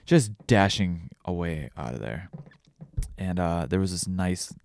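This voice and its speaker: A man's voice: low-pitched, animated, measured pace, vocal fry, a little mellow, a little hiss or hum. A man hosting a casual solo podcast, rambling and self-deprecating with crude jokes. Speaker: podcast host.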